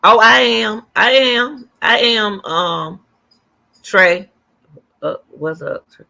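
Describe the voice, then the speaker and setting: A woman's voice: medium pitch, expressive, takes it slowly, vocal fry, sharp tone. A middle-aged woman hosting a livestream, chatting casually and rambling as she answers viewer comments aloud. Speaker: livestream host.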